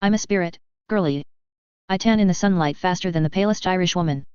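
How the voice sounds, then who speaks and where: A cocky male spirit talking through a house cat, as a narrator puts him on in a showy TV British accent. He teases and grumbles sardonically, in a smooth, dry and slightly dull recording. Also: medium pitch, fast talker, darkish tone, no room sound, close to an everyday voice. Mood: grumbling. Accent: put-on TV British.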